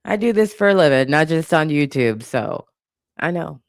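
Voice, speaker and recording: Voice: medium pitch, expressive, moderate pace, gravelly, no echo, studio quality. A channel host giving an impassioned commentary monologue, blunt and profane, hammering points home with repetition.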